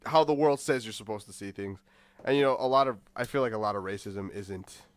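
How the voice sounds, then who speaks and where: A young man co-hosting a podcast, telling stories in an animated way and laughing often. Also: lowish voice, fairly quick, no echo. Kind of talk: casual chat.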